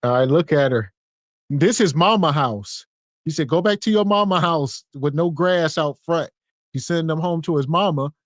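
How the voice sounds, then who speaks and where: Male co-host with a fairly high voice, retelling events and quotes, dry close sound. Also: moderate pace, dry recording. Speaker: podcast co-host. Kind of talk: casual reaction commentary.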